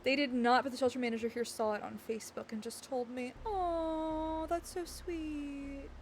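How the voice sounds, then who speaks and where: A woman's voice: high voice, steady tone, normal speed, a little hiss or hum. A woman game streamer chatting casually with her viewers in a bubbly, giggly, gushing way.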